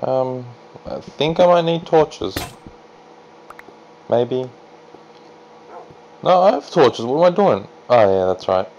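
Lively self-deprecating male gamer. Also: slow, pauses often, lo-fi sound, a little hiss or hum. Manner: chatty, self-deprecating, jumps into excited high yelps. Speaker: let's play gamer. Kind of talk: casual gameplay commentary.

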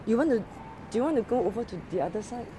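A livestreamer with a Singaporean English accent, streaming casually from a park playground at night on a handheld camera. They call their dogs loudly in a high, excited voice, then drop to low asides to the viewers. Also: fast, a little hiss or hum.

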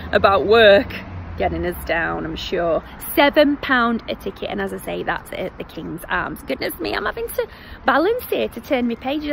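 A woman's voice: fairly high pitch, gravelly. A woman with a Northern English accent, chatting casually as she recommends shows in a vlog, with self-deprecating asides. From North West England. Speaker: theatre vlogger. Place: outdoors by a road. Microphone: phone at arm's length. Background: traffic.

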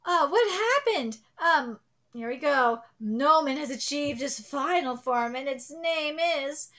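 A woman with a high, bright voice gives live reaction commentary. She gushes in exclamations and swears freely. Her delivery is unhurried. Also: expressive. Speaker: manga reaction host.

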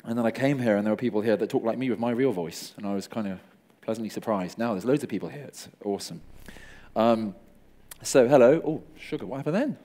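A man's voice: on the low side, fast talker, warm tone. A man from Cornwall giving a conference talk in a toned-down Cornish English accent, with self-deprecating jokes and asides. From Cornwall, England. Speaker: conference speaker. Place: conference hall.

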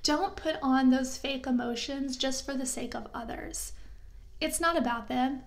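A woman's voice: sits high, unhurried, vocal fry. A young woman vlogger speaking heartfelt and reassuring words straight to her viewers, getting emotional at times. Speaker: lifestyle vlogger. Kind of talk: heartfelt talk to camera.

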